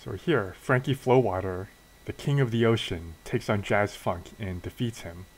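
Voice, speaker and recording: A man's voice: on the low side, moderate pace, slightly rough, low-quality recording. A man casually narrating a wrestling game story as a let's play, with fillers and restarts.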